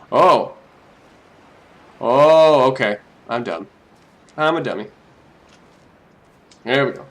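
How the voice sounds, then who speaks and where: A man's voice: mid-range voice, fairly bright tone. A young man joking his way through a game as let's play commentary, talking to himself with mock drama. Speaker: gaming YouTuber.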